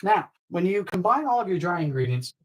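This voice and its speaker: A man hosting a live baking stream, chatting playfully with viewers, trailing off and restarting, with sudden high squeals. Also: sing-song, fairly quick, poor audio. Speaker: baking show host.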